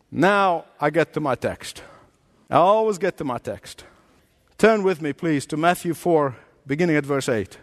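A pastor delivering an impassioned sermon in a high-pitched male voice. He presses the congregation with rhetorical questions. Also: long reverb tail.

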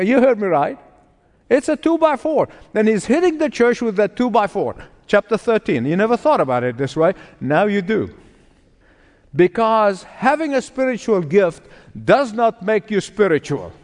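High-voiced emphatic preacher in a reverberant hall. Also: male voice, big pitch swings, normal speed, darkish tone. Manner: emphatic preaching with repetition and calls to the congregation. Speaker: pastor. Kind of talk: sermon. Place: church sanctuary.

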